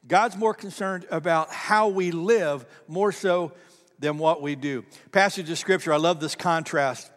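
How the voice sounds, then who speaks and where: A man's voice: on the high side, a little slow, a bit bright. A male pastor preaching a sermon in a conversational storytelling way, often repeating his words. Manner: conversational, repeats words, laughs at own stories. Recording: long reverb of a large hall.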